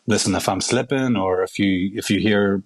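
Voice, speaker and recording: A man from Belfast with a husky, fairly low voice chats as an actor guest in an interview. He talks in a rapid, animated way, doubling back on his words as he tells stories. The recording is dry and close. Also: dry recording. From Belfast, Northern Ireland. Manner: rapid, animated storyteller with many restarts. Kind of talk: casual interview chat.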